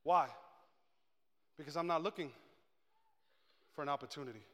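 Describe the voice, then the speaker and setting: A man preaching a sermon as pastor in a church, switching between loud, impassioned stretches and hushed ones and repeating his phrases. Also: a little high, normal speed, in a large hall, crowd noise. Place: church sanctuary.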